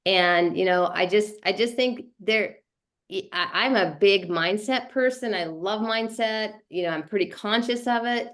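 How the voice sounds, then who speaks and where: A woman's voice: mid-range voice, measured pace, fairly bright tone. A woman sharing her thoughts on a group call, chatty and full of fillers. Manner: chatty, many fillers and restarts.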